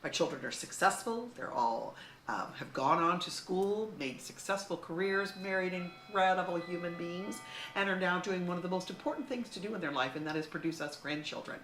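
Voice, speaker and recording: A woman's voice: on the low side, moderate pace, a bit bright, echoey room, a little hiss or hum, poor audio. A woman in her fifties giving heartfelt advice to camera, talking expressively and with emphasis. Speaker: video host.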